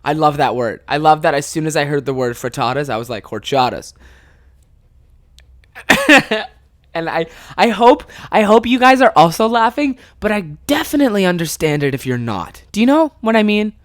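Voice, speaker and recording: A young Canadian man hosts a podcast in a fairly high voice, speaking fairly quickly in clean studio sound with no echo. Animated as he casually shares a funny story, he curses often and breaks into laughter.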